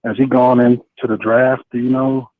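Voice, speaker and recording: A man calling in to a sports radio show, friendly and halting, often repeating himself. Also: medium pitch, flat delivery, dry recording. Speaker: caller. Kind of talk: phone-in question. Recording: tinny phone line.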